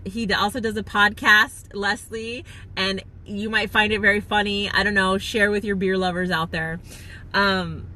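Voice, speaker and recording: A woman live-streams to her viewers from her phone in an emotional chat, gushing heartfelt words with lots of fillers and at times close to tears. Her voice is mid-range with a sharp tone.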